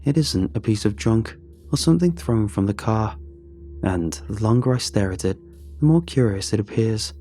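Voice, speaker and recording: A man reading a horror story aloud in a measured, hushed storyteller's manner. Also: on the low side, expressive, soft background music. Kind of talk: scripted horror narration.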